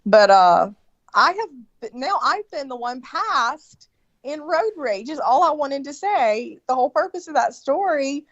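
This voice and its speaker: A woman telling a story in casual chat, swearing freely and animated, with lots of fillers and restarts. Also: high voice, measured pace, no echo. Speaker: guest recounting a story. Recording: dull lo-fi sound, dry.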